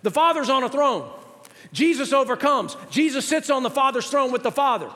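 High-voiced preacher in a reverberant church. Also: male voice, animated, brisk. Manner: preaching with rising intensity, addresses ladies and gentlemen. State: out of breath. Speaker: pastor. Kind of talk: sermon. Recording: long hall reverb.

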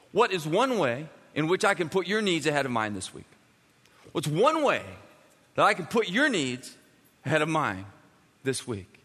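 A man preaching a sermon as a pastor, emphatic and animated, swinging from loud bursts to quiet, intimate lines. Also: a little high. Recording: long reverb of a large hall.

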